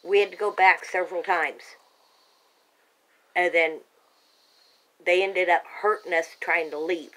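A woman's voice: fairly low pitch, steady tone, measured pace, pauses often, fairly bright tone, rough recording. A woman telling her own story in an agitated, insistent way, full of restarts, into a home camera held by a family member. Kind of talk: rambling monologue to a home camera.

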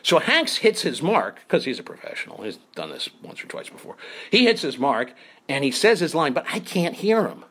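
A man's voice: on the high side, normal speed, husky. A man hosting a comedy show, telling a story and acting out the voices of the people in it. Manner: animated, acts out voices in his stories. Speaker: comedian host. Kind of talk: comic storytelling chat.

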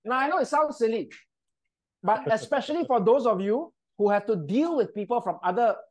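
Speaking briskly in a slightly high, expressive voice with a darkish tone, a female presentation and voice coach leads a live workshop. She gives the group in the training room cheerful directions and keeps checking how they're doing.

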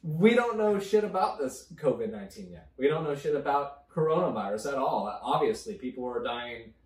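A man's voice: medium pitch, lively intonation, moderate pace, a little mellow, reverberant, far from the mic, rough recording. A man co-hosting a casual drinking chat, ranting and swearing as he talks. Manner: profane, ranting. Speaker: podcast co-host.

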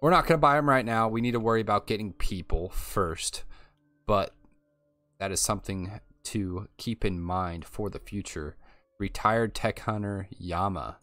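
A man's voice: fairly low pitch, normal speed, a bit bright, dry recording, faint music behind. A young man giving casual, chatty gameplay commentary and thinking aloud as he plays. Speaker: let's play host.

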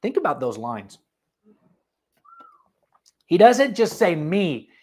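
Preacher, sermon in church, animated and chatty, asks listeners straight out. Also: medium pitch, takes it slowly. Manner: conversational and animated, with asides and direct questions to listeners.

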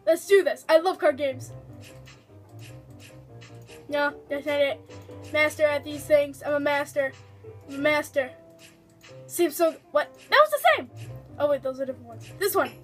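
High-voiced excitable young woman gamer. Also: moderate pace, pauses often, soft background music. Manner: excitable and giggly, talks to viewers. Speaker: gaming video host. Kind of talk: let's-play game commentary.

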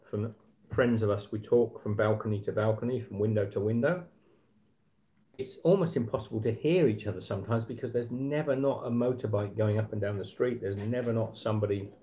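A man hosting a relaxed late-night live stream from home. His voice sits low and sounds mellow and soft-edged. He rambles along casually, with plenty of ums and restarts. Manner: chatty, rambling, frequent fillers and restarts. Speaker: livestream host. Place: apartment at night.

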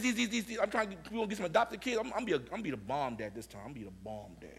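A middle-aged male pastor preaching a Sunday sermon in a church, repeating words and moving from low musing to shouted preaching. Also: expressive, racing, gravelly, few pauses, a faint crowd. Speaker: senior pastor. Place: church sanctuary.

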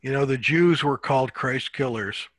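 A man teaching a Bible class in a relaxed, halting way, often repeating words as he thinks. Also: medium pitch, no room sound.

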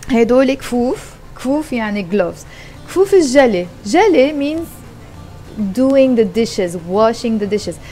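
A woman's voice: fairly high pitch, sing-song, fairly quick, dark tone, faint music behind. A woman giving a casual vlog language lesson from her home kitchen while doing the dishes, patiently repeating and explaining each word. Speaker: language teacher.

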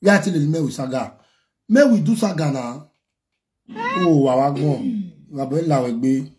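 A man's voice: fairly high pitch, animated, measured pace. Scolding Nigerian man ranting at a caller. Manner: scolding, mocking, rising into loud outbursts. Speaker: talk show host.

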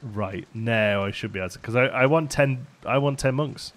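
Playing a city-building game, this let's play host rambles through casual commentary at a moderate pace and medium pitch, laughing a lot and thinking out loud.

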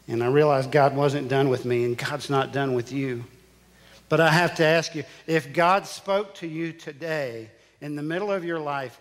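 Emphatic pastor in a reverberant sanctuary. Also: male voice, mid-range voice. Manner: personal storytelling, emphatic repetition. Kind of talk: sermon. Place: church sanctuary. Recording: church sanctuary with long reverb.

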